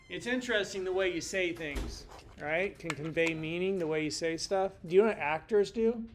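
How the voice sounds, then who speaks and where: A man's voice: high voice, moderate pace, slight background noise. A middle-aged man teaching a casual lecture in a rambling, joking way, full of slangy asides. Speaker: instructor.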